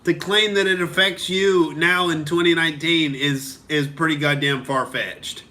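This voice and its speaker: A man's voice: a little high, fairly even intonation, a little slow, pushed and bright. A young male comedian from Oklahoma ranting on a live stream, heated and profane, reading out and answering viewer comments.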